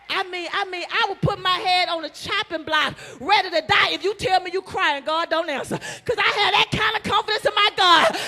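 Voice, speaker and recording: A woman minister preaching a sermon in a church, swinging from hushed pleading to impassioned shouting with call-and-response. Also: very high-pitched, moderate pace. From United States. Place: church sanctuary.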